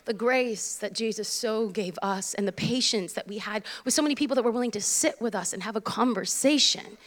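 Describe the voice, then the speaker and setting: A woman preaching a sermon as a guest speaker, animated and joking as she tells stories. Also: a little high, brisk.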